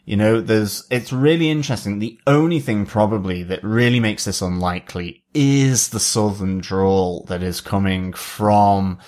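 A man co-hosting a podcast, speaking in a measured, thoughtful way with many fillers. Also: fairly low pitch, a little mellow. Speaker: podcast co-host. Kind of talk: casual podcast chat.

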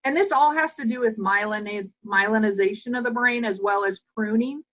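A woman speaking as a guest psychologist on a podcast interview, explaining in an animated, flowing way and acting out quoted voices. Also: fairly high pitch, brisk, rough recording.

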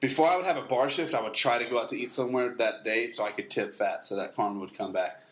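A man's voice: medium pitch, fast. A man co-hosting a podcast, telling profane stories in a loose chat and acting out the voices of the people in them. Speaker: podcast co-host. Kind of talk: casual storytelling chat.

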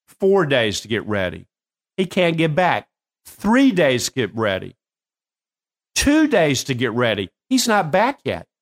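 An older man hosting a show as a coach, telling stories in a casual, animated way with bursts of laughter. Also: fairly high pitch. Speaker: host and performance coach. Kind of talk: casual storytelling.

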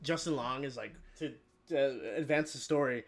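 A man's voice: mid-range voice, over a noisy crowd. A man casually retelling a film plot in a rambling, profane way, briefly voicing the characters as he goes. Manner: rambling, profane, quick quoted voices for characters.

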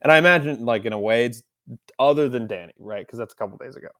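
Relaxed young man hosting, dry sound. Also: medium pitch, quick pace, no room sound. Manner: relaxed, rambling, many "uh" and "like" fillers. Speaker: podcast host. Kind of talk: casual interview chat.

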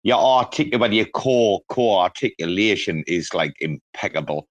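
A man chatting as a guest on a podcast, rambling with lots of restarts and growing excitement. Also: fairly low pitch, moderate pace. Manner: rambling and enthusiastic, many restarts. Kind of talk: casual podcast chat.

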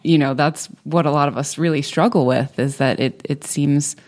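A woman's voice: low voice, fairly even intonation, moderate pace, a little mellow. A woman co-hosting a recovery podcast, chatting conversationally and laughing lightly. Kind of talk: casual podcast discussion.

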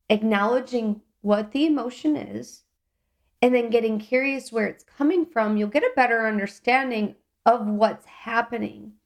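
A woman hosting a self-help podcast, talking in a calm, gently encouraging, reflective way. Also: on the high side, vocal fry. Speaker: podcast host.

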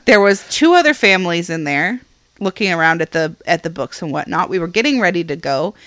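A woman's voice: lowish voice, animated, a little fast, a bit bright, dry recording, studio quality. A woman in her thirties, a podcast co-host and parent, telling a story in casual chat and acting out the quotes with animation. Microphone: podcast microphone.

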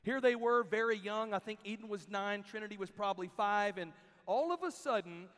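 Man, preacher, high voice, animated storyteller, long hall echo. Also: moderate pace. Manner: animated storytelling, acts out the people he quotes. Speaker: camp speaker. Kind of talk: sermon. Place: large hall with an audience.

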